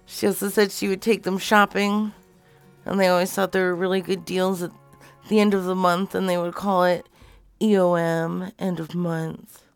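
A woman hosting a stream, chatting casually, swearing freely and drifting between quiet mutters and loud bursts. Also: medium pitch, flat delivery, takes it slowly, pauses often, clean tone, faint music behind. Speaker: stream host making prank calls.

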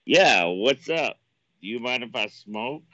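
A man's voice: mid-range voice, lively intonation, measured pace, sharp tone, lo-fi sound, slight background noise. A man hosting a comedy call-in show, trading profane, mock-aggressive banter and prank calls. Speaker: prank-calling radio host.

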